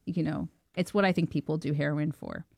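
Excitable Canadian woman, interview guest, dry close mic. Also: low voice, a little fast, creaky, dry recording. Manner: excitable, laughing often, acting out quoted dialogue. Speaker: filmmaker guest. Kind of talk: animated storytelling in an interview.

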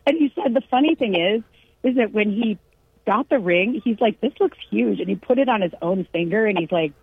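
Speaking briskly in a husky mid-range voice, a middle-aged woman from California relates a long family tale in casual chat. She's a lively storyteller, voicing the people in it and laughing as she goes, and the recording sounds dry and narrow, like a phone-style radio feed.

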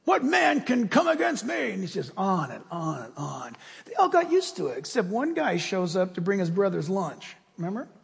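Animated, husky-voiced male pastor. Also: sits high, moderate pace. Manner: animated storytelling, acting out scenes. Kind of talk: sermon. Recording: long reverb of a large hall.

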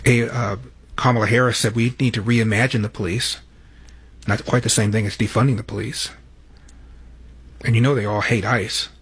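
A man hosting political commentary, introducing clips in an emphatic, deliberate way. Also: on the low side, fairly even intonation, a bit bright, husky. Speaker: commentary host.

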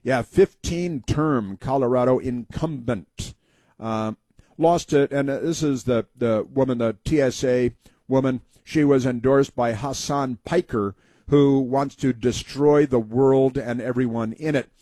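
Male talk radio host, rambling folksy storyteller, warm mellow voice. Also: mid-range voice, no echo. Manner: halting, many uh fillers and restarts.

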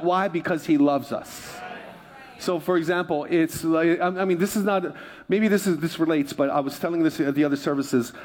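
A man's voice: high voice, long reverb tail. Humorous, chatty male pastor preaching. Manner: conversational and humorous, with asides to the congregation. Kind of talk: sermon.

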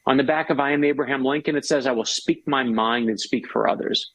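A man's voice: mid-range voice, brisk, fairly bright tone, dry recording, low-quality recording. A man, an author guest, telling stories with enthusiasm in a casual conversation. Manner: enthusiastic, storytelling.

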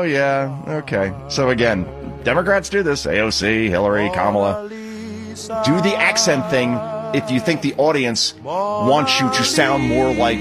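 A man hosting a talk radio show, giving opinionated political commentary in a sarcastic, emphatic way. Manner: sarcastic, emphatic, swings pitch widely.

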